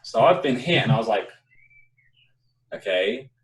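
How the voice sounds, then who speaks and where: On a casual chat show, a young co-host talks fast at a medium pitch, spinning an animated tale full of swearing. The mic is distant and the room echoes.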